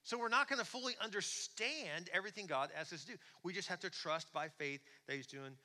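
A male pastor delivering a lively, conversational sermon. His voice is very bright and sits a little high. It carries through the long reverb of a large church hall. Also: fairly quick. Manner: conversational, animated, asks the congregation questions.

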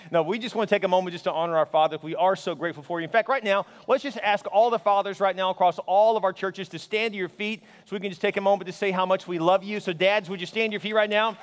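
High-voiced man preaching in a big reverberant hall. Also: fast talker, few pauses. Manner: lively, conversational, joking with the congregation. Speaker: pastor. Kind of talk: sermon. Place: large church hall.

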